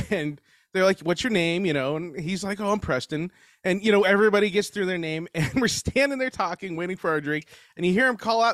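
High lively guy cohosting a podcast, swears a lot, laughs thru his stories, dry sound. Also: dry recording. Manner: profane storyteller, laughs often. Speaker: podcast co-host. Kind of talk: casual chat.

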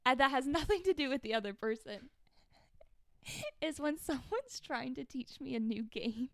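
A young woman co-hosting a casual podcast, her voice fairly high and bright. She talks with animated energy and laughs often. The sound is dry and close. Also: normal speed, no echo. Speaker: podcast co-host. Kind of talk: casual chat.

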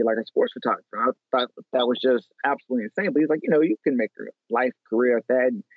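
A man from Chicago in his thirties, a photographer telling animated stories with lots of fillers in a casual interview. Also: medium pitch, no echo. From Chicago, USA. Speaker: photographer guest. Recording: tinny phone-like line, dry.

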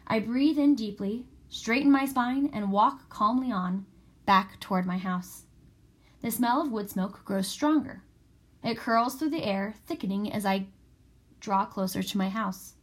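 A woman reading a first-person story aloud in a steady, expressive way. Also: medium pitch, measured pace. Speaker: audiobook narrator. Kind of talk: scripted first-person narration.

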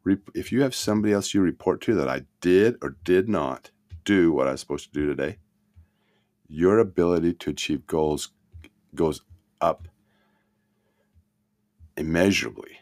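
A man teaching a self-help lesson in a motivational talk, swinging between loud emphasis and soft murmurs. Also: deep voice, normal speed, long pauses.

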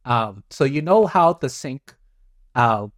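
A man's voice: mid-range voice, expressive, slow, no echo, clean studio sound. A man co-hosting a casual podcast chat, rambling with many fillers and frequent chuckles. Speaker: podcast co-host.

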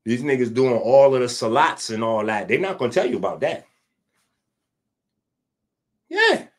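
A man from the Bronx, hosting a podcast and delivering a casual commentary monologue. He is animated and swings between loud and hushed, with frequent asides. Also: mid-range voice, husky. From the Bronx, New York. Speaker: podcast host.

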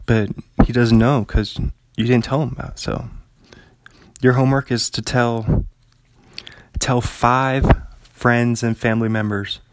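A man's voice: medium pitch, flat delivery, a little slow, no room sound. A man hosting a casual solo podcast from his apartment, rambling in a laid-back way with lots of fillers. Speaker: podcast host. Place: home apartment.

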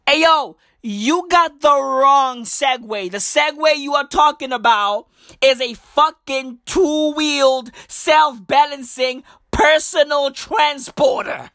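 Woman ranting crude jokes, high voice, slow drawl. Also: a bit bright, no room sound, clean studio sound. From South Africa. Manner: crude, mocking, slangy. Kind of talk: crude comedic reaction commentary.

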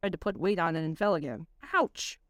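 A woman voicing a frightened teenage girl in a spooky story, in a high and anxious way. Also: brisk, no room sound, clean studio sound, close to an everyday voice. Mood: shaken.

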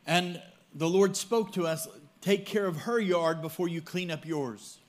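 High-voiced male preacher telling a story. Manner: humorous storytelling, pauses for interpreter. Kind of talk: sermon with live interpretation.

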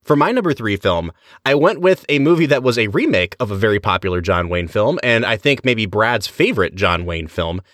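A man's voice: lowish voice, sing-song, a little fast, fairly bright tone, dry recording, clean studio sound. A man co-hosting a podcast, chatting enthusiastically with his co-host. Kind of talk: casual chat.

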